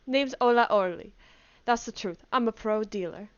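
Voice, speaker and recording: A woman's voice: a little high, moderate pace, smooth, dull audio, close to an everyday voice. A woman voicing a smug, scheming female card-dealer witness from a video game and attempting a foreign accent, with game music behind. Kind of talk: reading game dialogue aloud.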